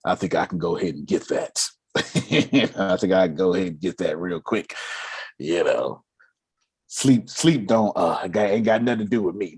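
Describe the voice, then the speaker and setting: A man leading a motivational meeting on money and cash flow, animated and laughing as he acts out quotes. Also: deep voice, normal speed, slightly rough. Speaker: finance coach leading a meeting. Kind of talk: motivational talk.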